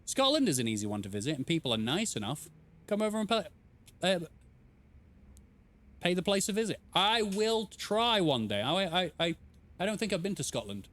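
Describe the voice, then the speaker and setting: A man's voice: sits high, sing-song, normal speed, long pauses, fairly bright tone. A man casually commenting while streaming a game, playful and rambling, reading chat aloud.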